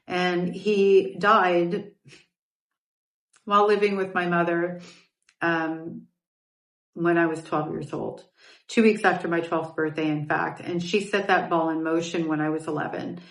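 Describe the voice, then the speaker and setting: A woman's voice: fairly low pitch, flat delivery, a little slow, long pauses, far from the mic. Candid woman telling her story, echoey. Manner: candid, reflective, with self-corrections and asides. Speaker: podcast host. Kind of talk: personal storytelling monologue.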